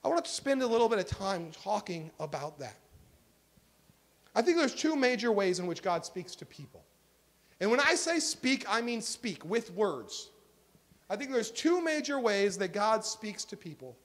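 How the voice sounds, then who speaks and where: A man with a high voice preaches to his congregation as their pastor. His delivery is earnest, pressing hard on key points and then dropping low and quiet. The sermon is given live in a church. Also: very animated, moderate pace. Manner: earnest, swings from emphatic to hushed. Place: church sanctuary.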